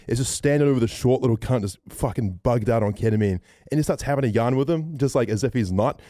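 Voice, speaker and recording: A man's voice: medium pitch, quick pace, dark tone, no room sound, clean studio sound. A young man telling a rowdy story on a casual podcast, laughing and swearing as he goes. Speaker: podcast host.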